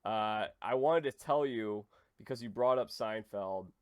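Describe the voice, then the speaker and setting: A man's voice: fairly low pitch, unhurried, clean tone, dry recording, clean studio sound. A man hosting an interview, asking brief questions and laughing along. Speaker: host.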